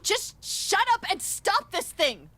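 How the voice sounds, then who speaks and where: Brash, swearing woman, very high and bright, played by a man; impatient and exasperated. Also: sing-song, slow pace, heavily acted. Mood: irritated. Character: brash, foul-mouthed adult woman, impatient. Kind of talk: let's play character voice.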